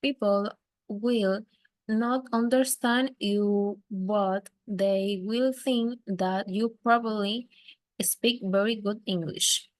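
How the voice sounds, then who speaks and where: A woman, a student, reading a text aloud carefully and haltingly, with small slips. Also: mid-range voice, steady tone, dry recording.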